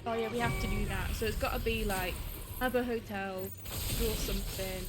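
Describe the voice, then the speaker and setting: A woman chatting casually on a live stream, giggly and animated, swearing freely as she tells stories. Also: medium pitch, moderate pace, over loud music. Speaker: streamer's wife, co-host.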